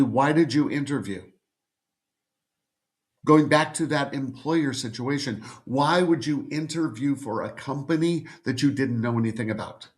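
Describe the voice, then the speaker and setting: Middle-aged male agent, direct-to-camera teaching, insistent repeated phrasing, medium pitch. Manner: emphatic, repetitive, speaks straight to the viewer. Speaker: literary agent giving advice. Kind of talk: direct-to-camera educational talk.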